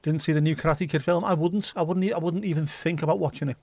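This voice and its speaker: A man's voice: on the high side, steady tone, quick pace, gravelly, dark tone, no echo. A man hosting a livestream, rambling and swearing casually as he answers viewers' comments. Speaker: livestream host. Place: home livestream setup.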